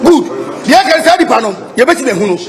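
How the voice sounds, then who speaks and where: A man's voice: extremely high pitch, sing-song, racing. A man with a Ghanaian accent speaking for football club supporters, emphatic, switching between Twi and English and repeating himself. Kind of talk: press statement to reporters.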